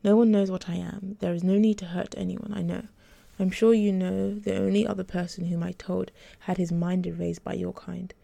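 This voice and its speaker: Woman reading as guarded female confessor, overly formal, steady, gravelly low voice. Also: moderate pace.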